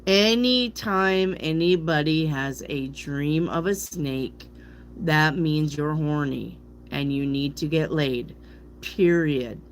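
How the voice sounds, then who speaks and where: A woman tarot reader chats casually with her viewers, making bawdy jokes and laughing. Her voice sits on the low side and she talks at a slow, easy pace. A faint hum runs under the recording. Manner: joking, bawdy, laughs often. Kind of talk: casual live-stream chat.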